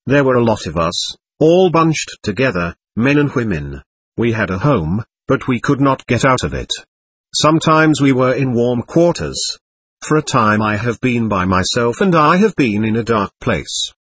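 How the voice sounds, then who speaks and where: Defiant bewildered ghost, read by a man, husky, lively pitch, dry sound. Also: normal speed, no room sound. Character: indignant confused ghost of a dead adult, hostile. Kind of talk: reading a dialogue aloud.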